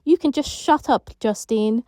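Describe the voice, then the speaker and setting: A woman's voice: unhurried, dry recording, clean studio sound, lightly acted. A woman voicing a bold, bossy ten-year-old girl in care, brash and boastful. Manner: brash, boastful, shrill when excited.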